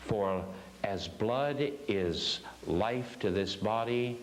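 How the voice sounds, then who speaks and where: Lowish guy preaching at a spiritual class, earnest, repeats himself for emphasis, faint hum behind. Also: very slow, poor audio. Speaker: spiritual teacher.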